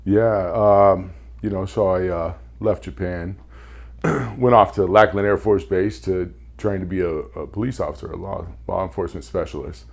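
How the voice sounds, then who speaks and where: Man, very deep voice, navy veteran guest, candid, halting, lots of fillers. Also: steady tone, creaky. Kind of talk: storytelling interview.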